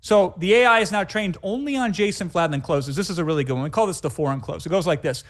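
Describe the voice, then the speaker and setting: A man presenting a live webinar sales pitch as a sales trainer, emphatic and hype-driven, rattling off repetitive lists. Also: quick pace, few pauses.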